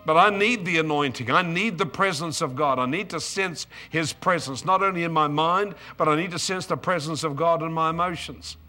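A man's voice: fairly high pitch, moderate pace, hardly any pauses, pushed and bright, faint music behind. A man in his seventies with an Australian accent, preaching an emotional, exuberant sermon with bursts of praise and repeated words.

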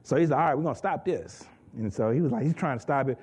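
A man giving an excitable testimony in church, laughing often and repeating his words as he tells the story. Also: mid-range voice, fast talker, breathy edge.

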